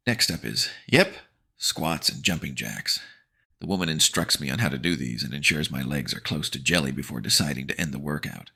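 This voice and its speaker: A man's voice: a bass voice, lively intonation, brisk, vocal fry, pushed and bright, slightly rough. A man narrating a horror-comedy audiobook in first person as a sarcastic teenage boy, with slangy, wry asides. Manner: sarcastic slangy teen banter.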